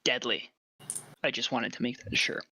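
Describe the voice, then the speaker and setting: A man running a tabletop game as dungeon master, casually reading rules aloud with halting restarts. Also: medium pitch, fairly even intonation, pushed and bright, a little hiss or hum.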